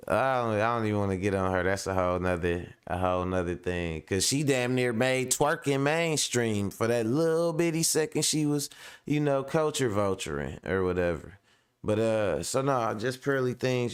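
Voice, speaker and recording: A man's voice: lowish voice, normal speed, smooth. A man hosting a casual live stream, talking in a loose, rambling, slangy way and laughing often, a little under the weather. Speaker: host of a commentary stream.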